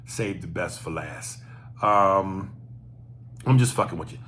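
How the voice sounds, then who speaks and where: A man's voice: low-pitched, measured pace, fairly bright tone, slight background noise. A man hosting a podcast, reading listener emails aloud with profane, joking commentary. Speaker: podcast host.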